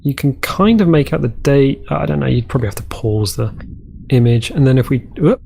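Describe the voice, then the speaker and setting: A man's voice: mid-range voice, expressive, a little fast, gravelly, warm tone, slight background noise. A man giving casual, chatty commentary over his own gameplay, easily delighted and trailing off mid-sentence as he explores. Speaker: let's play host.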